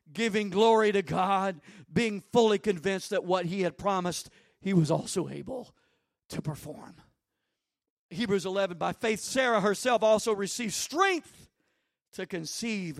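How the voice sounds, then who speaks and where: A man's voice: high voice, dry recording, studio quality. A man preaching a sermon, moving from teaching into fervent, rising prayer.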